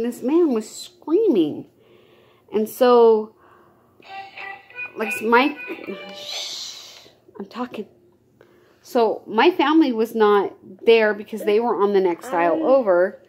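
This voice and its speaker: A woman's voice: medium pitch, lively intonation, a little slow, a little mellow, soft background music. A woman, telling a true story from her own life in a rambling, casual way, often restarting her sentences. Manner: rambling, restarts and self-corrections. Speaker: vlogger telling a personal story.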